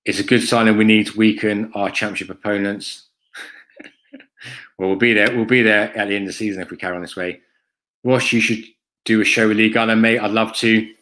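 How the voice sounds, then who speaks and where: A man's voice: on the low side, steady tone, a little fast, a bit bright. A man hosting a fan live stream, answering chat in a blunt, sweary way full of ums and "mate". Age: adult, has a school-age son. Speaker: fan channel host reading live chat.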